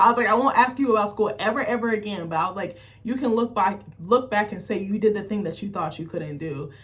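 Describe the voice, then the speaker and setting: A young adult woman telling a rambling, animated story straight to her camera, full of "like" and quoted asides. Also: on the low side. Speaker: vlogger. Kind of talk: casual chat to camera.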